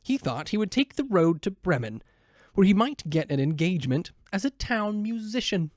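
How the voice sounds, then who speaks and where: A man reading a children's storybook aloud in a gentle, measured way. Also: high-pitched, sing-song, no echo, clean studio sound. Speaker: narrator.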